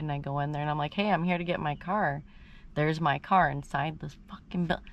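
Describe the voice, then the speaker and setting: A woman vlogger telling a story in an animated, indignant and profane way while sitting in her parked car. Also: sits low, dull audio, a little hiss or hum. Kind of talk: casual storytelling vlog. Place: in a parked car, then outdoors on location.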